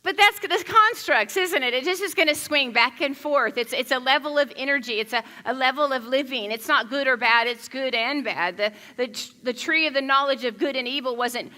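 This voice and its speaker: A woman from the United States giving a conversational sermon, animated and chatty, telling stories with frequent restarts. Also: high voice, normal speed, hardly any pauses. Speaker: pastor.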